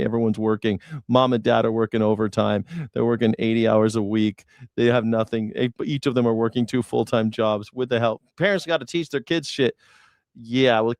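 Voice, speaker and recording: A man's voice: medium pitch, no room sound, studio quality. A man hosting a casual reaction show, talking bluntly and rambling with plenty of swearing. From grew up in a city. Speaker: news reaction host.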